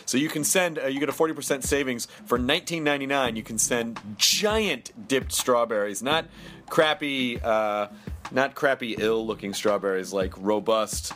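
A man's voice: mid-range voice, moderate pace, a bit bright, soft background music. A man in his thirties hosting a podcast, chatting casually and reading ads in a jokey, rambling way. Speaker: podcast host. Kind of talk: casual chat with ad reads. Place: New York studio.

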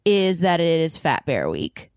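Bubbly animated woman podcast co-host. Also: sits low, unhurried, clean tone, dry recording, clean studio sound. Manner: bubbly, animated, laughs easily. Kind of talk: playful improv banter.

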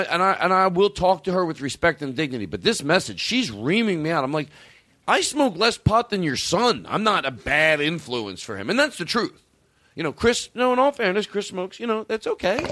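A middle-aged man hosts a comedy podcast, telling stories in a loose, rambling way. He interrupts himself often, and his pitch swings widely as he goes. He sits in the middle of the male range. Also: no echo. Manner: rambling, animated, self-interrupting. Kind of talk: casual comedic storytelling.

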